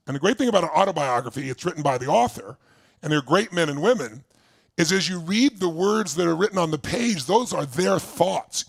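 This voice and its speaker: Gravelly man firing up a crowd. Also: a little high, no room sound. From Southern California. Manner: intense, storytelling, hypes the crowd. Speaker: motivational speaker. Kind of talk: motivational talk to a live crowd.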